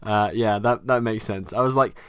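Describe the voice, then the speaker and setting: Smooth low-voiced Manchester podcast host. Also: male voice, steady tone, normal speed, no echo, studio quality. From Manchester area, England. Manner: easygoing, with hesitant fillers. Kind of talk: casual interview chat.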